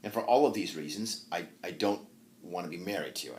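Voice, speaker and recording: A man's voice: low-pitched, fairly quick, a little hiss or hum, voice pushed down, close to an everyday voice. A man voicing a proud, squeamish knight who protests in a whiny way. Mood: protesting.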